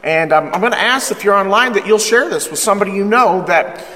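Energetic male pastor with a high voice, preaching emphatically in a reverberant hall. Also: brisk. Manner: call-and-response with congregation. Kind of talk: sermon, Bible study teaching. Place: church hall with live congregation. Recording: echoey hall with long reverb.

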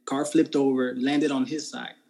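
A man's voice: medium pitch, level tone, moderate pace, a little mellow, low-quality recording. A man being interviewed, telling his personal faith testimony in a casual, earnest way and often checking in with "right?". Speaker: interview guest.

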